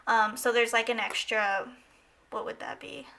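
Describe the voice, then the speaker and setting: A woman's voice: fairly high pitch, fairly even intonation, measured pace, gravelly, sharp tone. A woman vlogger chatting casually and a bit scatter-brained while she counts cash into budget envelopes.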